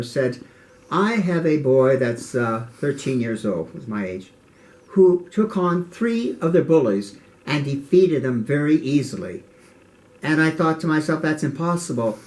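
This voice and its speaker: An older man telling childhood memories in an interview, earnest and halting, often repeating words. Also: fairly high pitch, darkish tone. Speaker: interviewee, martial arts teacher. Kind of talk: reflective interview storytelling.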